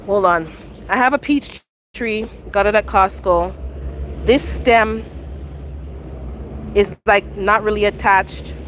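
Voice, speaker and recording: A woman's voice: mid-range voice, a little hiss or hum. A woman chatting casually on a live stream while she walks around her backyard garden, answering viewer comments. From Canada. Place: outdoor backyard garden near a rail line.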